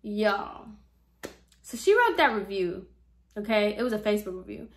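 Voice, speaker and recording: A young woman hairstylist telling a casual storytime rant, sassy and animated, acting out the people she quotes. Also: mid-range voice, moderate pace. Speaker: hairstylist vlogger.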